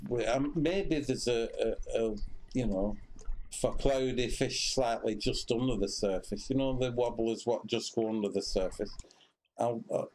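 A man's voice: on the low side, a little mellow, a little hiss or hum. A man giving casual commentary while streaming a fishing game, rambling with many fillers and restarts.

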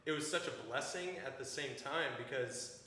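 A man's voice: mid-range voice, normal speed, bright, forceful tone. A man talking as a podcast guest in a casual, earnest, reflective way, filling his talk with "like.". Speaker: hair stylist guest. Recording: echoey room with long reverb.

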